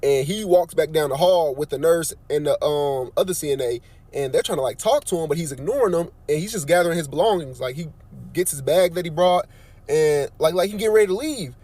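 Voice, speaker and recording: Fast-talking high-voiced man telling a story. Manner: animated slangy storyteller, voice jumps up for quoted lines. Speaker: nursing aide on night shift. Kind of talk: casual storytime.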